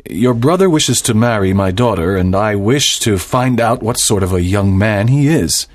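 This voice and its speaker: A man's voice: lowish voice, expressive, moderate pace. A man voicing a stern, proud doctor and father in a dramatized audiobook, speaking formally and with emphasis.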